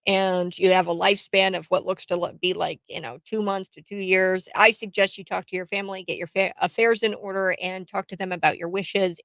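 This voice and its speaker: Woman, political commentary host, casual, indignant, sarcastic, mid-pitched voice, dry recording. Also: a bit bright, no echo. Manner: indignant, sarcastic, many fillers and restarts.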